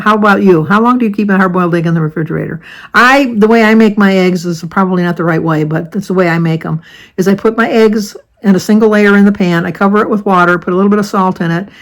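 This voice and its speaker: A woman's voice: medium pitch, low-quality recording. An older American woman in casual chat, rambling and chatty, often stopping to correct herself. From United States. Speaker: vlogger.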